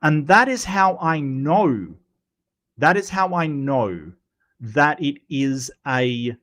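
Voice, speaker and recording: A man's voice: medium pitch, a bit bright. An Australian man from Western Australia hosting a casual livestream, rambling through opinions with many ums and restarts while he answers chat comments. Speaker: livestream host.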